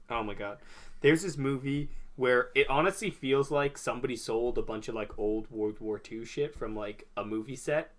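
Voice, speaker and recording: Rambling young man telling stories. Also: mid-range voice. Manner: rambling, animated storyteller full of "like" and "um". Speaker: podcast co-host. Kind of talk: casual chat.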